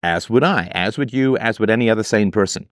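A man's voice: on the low side, brisk, dry recording, studio quality. Sarcastic man ranting dryly. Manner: sarcastic, emphatic, repeats phrases for effect. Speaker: commentator reading and reacting to a text. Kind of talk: reading aloud and ranting commentary.

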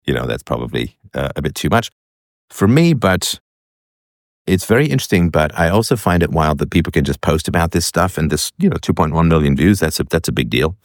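Deep-voiced male commentator, conversational reaction talk, dry close recording. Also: animated, a little fast, dry recording. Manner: musing, conversational, with frequent fillers. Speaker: commentator reacting to online videos.

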